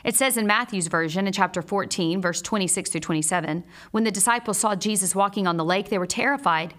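An earnest woman delivers a scripted devotional lesson, steady and measured. Her voice sits at an ordinary middle pitch, and she weaves personal stories in with scripture. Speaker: Bible teacher; mother.

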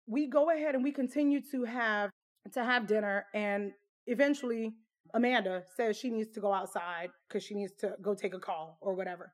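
A woman's voice: mid-range voice, fairly even intonation, moderate pace. A woman casually telling a personal story to camera, candid and conversational. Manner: candid, conversational, full of fillers.

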